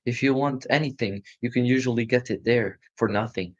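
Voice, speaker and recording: A man's voice: medium pitch, fairly quick, natural voice. A man voicing a friendly magical forest creature's letter in an inviting storybook manner. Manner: warm, inviting. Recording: muffled lo-fi recording.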